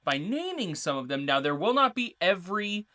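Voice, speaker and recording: A woman's voice: fairly low pitch, big pitch swings, normal speed, fairly bright tone. A woman co-hosting a podcast, explaining game lore in a chatty, casual way with lots of fillers. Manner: chatty, reads notes, filler-heavy. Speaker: podcast co-host.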